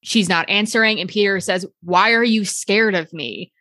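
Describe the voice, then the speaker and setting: A woman co-hosting a podcast, retelling film scenes in a measured, explanatory way. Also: mid-range voice, bright, forceful tone, no room sound. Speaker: podcast co-host. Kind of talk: casual chat, film recap.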